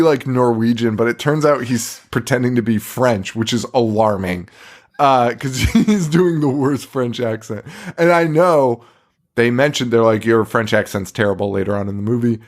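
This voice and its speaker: A man's voice: mid-range voice, animated, moderate pace. Sarcastic swearing male podcast host. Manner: sarcastic, swears a lot, laughs often. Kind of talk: casual podcast chat recapping a movie.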